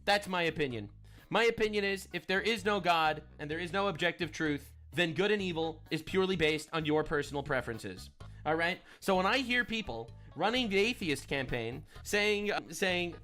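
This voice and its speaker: A man's voice: high voice, expressive, moderate pace, sharp tone, faint music behind. A man streaming live, talking politics in an emphatic, preachy way and often asking "all right?".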